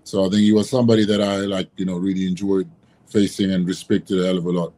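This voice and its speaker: A man talking casually as a podcast guest, relaxed, laughing often and leaning on "you know" fillers. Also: low-pitched, fast. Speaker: guest, former rugby prop.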